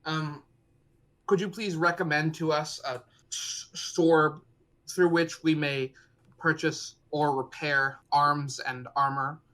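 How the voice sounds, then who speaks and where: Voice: medium pitch, little pitch movement, takes it slowly, a bit bright. A player voicing a deferential adventurer companion who asks very politely and formally.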